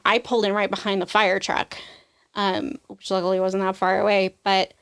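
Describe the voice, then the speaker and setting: A woman's voice: medium pitch, level tone, normal speed, fairly bright tone, clear, resonant tone. A young adult woman giving an emotional personal testimony as a podcast guest, acting out what people said and leaning on "like" a lot. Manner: emotional storytelling, acts out quoted voices, frequent "like".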